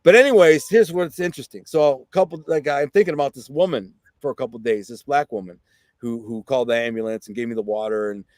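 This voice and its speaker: A man's voice: mid-range voice, fast talker, dry recording. A middle-aged man from Detroit, a podcast guest, telling a vivid story in casual, conversational talk full of fillers. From Detroit, USA. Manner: vivid, excited storyteller who acts out quotes; conversational, with frequent fillers and "right?".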